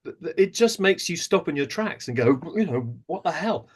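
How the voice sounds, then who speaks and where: A man's voice: fairly high pitch, animated, normal speed, breathy edge. A man, an actor and director, speaking as a podcast guest, talking at length in a thoughtful, storytelling way. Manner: thoughtful storyteller, talks at length with many small restarts. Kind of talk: interview conversation.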